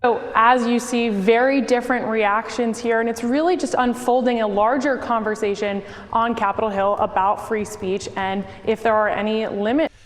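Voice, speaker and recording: A woman news reporter delivering a measured, formal broadcast report. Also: on the high side, fairly even intonation, long reverb tail.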